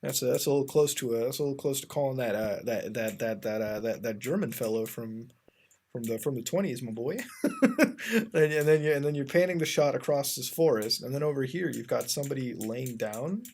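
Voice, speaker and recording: A man hosting a casual web-browsing commentary. He rambles and sounds exasperated, fills his talk with "like" and restarts, and addresses his audience as ladies and gentlemen. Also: medium pitch, brisk, creaky. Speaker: host.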